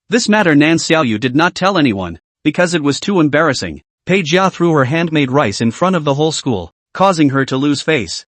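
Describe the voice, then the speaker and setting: A man reading scripted story narration in a steady storytelling manner. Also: fairly high pitch, normal speed, hardly any pauses, no room sound.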